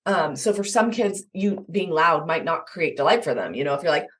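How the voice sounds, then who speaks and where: A woman guest expert explaining attachment in an interview, animated and acting out little examples. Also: deep voice, fairly quick. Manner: animated, acts out examples in voices.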